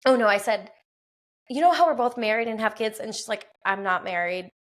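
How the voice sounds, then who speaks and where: A woman in her thirties with a Wisconsin accent, hosting a casual solo podcast from a quiet home at night, chatty with lots of fillers and quick laughs. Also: a little high. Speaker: podcast host.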